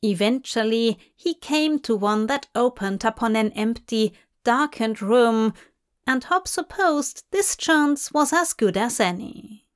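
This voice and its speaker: A woman narrating a fan fiction story aloud in a deliberate reading manner. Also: on the high side, animated, smooth. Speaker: fanfiction reader.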